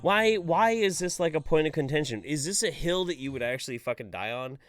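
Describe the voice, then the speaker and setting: A man hosts a livestream and rants through the chat messages with plenty of swearing. His pitch leaps around as his exasperation builds. The sound is close and dry, with no room echo. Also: lively intonation, fairly quick. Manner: profane, exasperated ranting; swings between loud outbursts and mumbled asides. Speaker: commentary streamer reading viewer chats. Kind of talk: livestream commentary.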